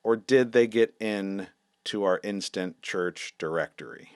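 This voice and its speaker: A man's voice: lowish voice, unhurried, clear, resonant tone, dry recording, studio quality. A man, a senior pastor, telling a story in a casual, wry, self-deprecating way with lots of fillers.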